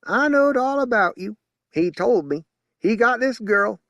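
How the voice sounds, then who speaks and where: A man voicing a blind bearded woman from the rural mountains with a thick, muddy Southern twang and a shrill, yelling manner. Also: animated, unhurried, no room sound, lo-fi sound, heavily acted. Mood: excited.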